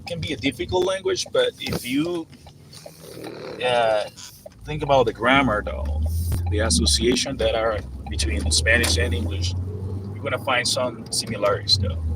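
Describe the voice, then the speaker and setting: A man teaching Spanish vocabulary casually while driving, explaining loosely with fillers and slowing down to spell out and repeat examples. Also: medium pitch, very animated, gravelly. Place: inside a moving car. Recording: distant mic with loud road noise.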